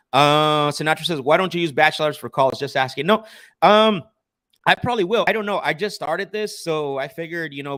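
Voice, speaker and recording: A male sales coach leads a live session, making cold calls and breaking them down for viewers. He speaks firmly and assertively at an ordinary pitch, often starting his sentences over. The sound is dry and close, with no room echo. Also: a bit bright. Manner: assertive, teaching tone with frequent restarts.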